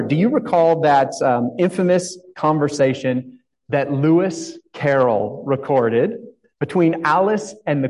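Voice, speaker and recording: A man's voice: mid-range voice, darkish tone, rough recording. A male pastor giving a reflective, conversational sermon, asking his congregation questions as he goes.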